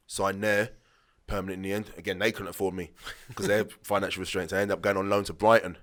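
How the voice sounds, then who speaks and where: Deep, fast-talking man telling stories. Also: little pitch movement, fairly bright tone. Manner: rambling anecdotes, restarts, acts out quoted dialogue. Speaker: podcast guest, former footballer. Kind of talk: casual conversational storytelling.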